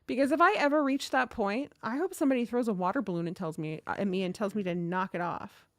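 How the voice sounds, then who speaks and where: A woman's voice: medium pitch, fast talker, dry recording, clean studio sound. A woman in her thirties hosting a livestream, chatting and telling a story casually. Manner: chatty, animated, reads chat aloud. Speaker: livestream host.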